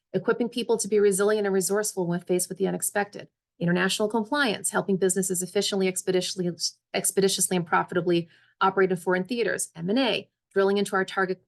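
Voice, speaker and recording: A woman's voice: mid-range voice, gravelly. A woman presenting a career webinar as a resume coach, talking casually and checking in with her listeners often.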